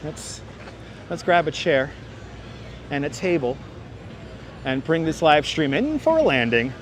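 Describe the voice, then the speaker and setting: His voice is on the high side with big pitch swings and a slightly slow pace as he hosts an outdoor walking-tour livestream, joking casually with viewers and laughing a lot. A wireless clip-on mic picks up faint city street noise.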